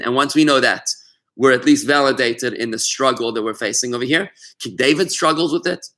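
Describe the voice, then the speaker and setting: A man's voice: medium pitch, fairly bright tone. A man teaching a Torah lesson to students in an online class, speaking with passion and emphasis, often calling on students by name.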